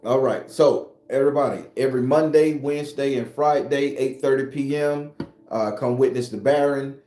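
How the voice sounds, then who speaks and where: A man's voice: mid-range voice, normal speed, warm tone. Rambling man in a roomy echo. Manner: loose, rambling, profane, talks to viewers. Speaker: spiritual live-stream host. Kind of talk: casual live-stream chat. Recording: roomy echo, faint music behind.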